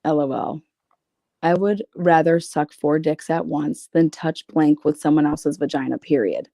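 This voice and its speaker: Low, gravelly woman reading out messages. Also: a little slow, mellow, no echo, clean studio sound. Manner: profane, blunt, sarcastic. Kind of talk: casual commentary reading screenshots.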